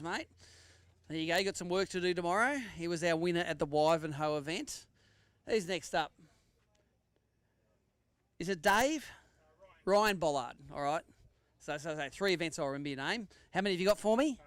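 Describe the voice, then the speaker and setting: An Australian man emcees a live fishing weigh-in, teasing each angler and announcing weights and placings. His voice sits a little high and is smooth and clear. The sound is close and dry. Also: no echo. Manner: jokey banter with anglers, announcing weights and standings.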